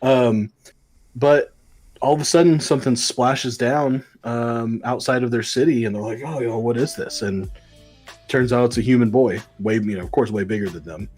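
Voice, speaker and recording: A man's voice: medium pitch, steady tone, normal speed, darkish tone, faint music behind. A man co-hosting a comic book podcast, retelling a story in a rambling, casual way with many ums and likes. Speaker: podcast co-host.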